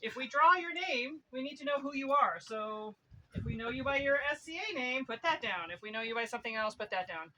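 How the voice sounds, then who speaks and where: A woman event steward giving practical announcements outdoors, pausing often with "um". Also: high-pitched, animated, sharp tone, rough recording. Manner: chatty, full of "um" pauses, practical. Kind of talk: reading announcements.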